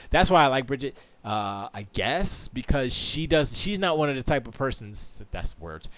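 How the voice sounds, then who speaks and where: A man's voice: medium pitch, expressive, moderate pace, fairly bright tone, dry recording. A man hosting a live stream from his home studio, chatting casually, rambling and interrupting himself, often laughing. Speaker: streamer and show host.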